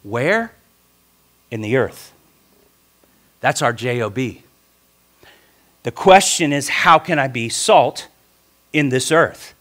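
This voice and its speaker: A male pastor preaching a sermon, swinging between quiet talk and emphatic shouted passages, with the congregation repeating phrases after him. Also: mid-range voice, expressive, slow, long pauses.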